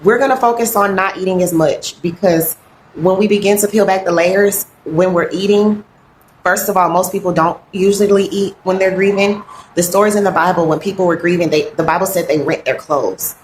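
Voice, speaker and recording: A woman with a lowish voice gives an earnest wellness talk, heartfelt and halting as she fights back tears. Her voice rings around a roomy, echoey space with faint ambient noise behind. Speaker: wellness coach.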